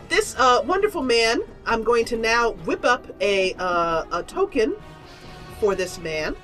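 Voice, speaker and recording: A woman's voice: fairly high pitch, sing-song, slow pace, pauses often, fairly bright tone, soft background music. A woman narrating as game master of an online tabletop role-playing game, telling the story in a playful, giggly way with flowery descriptions. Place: online voice call.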